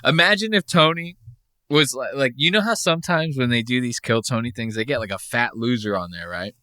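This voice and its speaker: A man's voice: mid-range voice, brisk, bright, forceful tone, smooth, dry recording, studio quality. A man hosting a podcast, giving crude, mocking, rambling commentary in a casual tone. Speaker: podcast host.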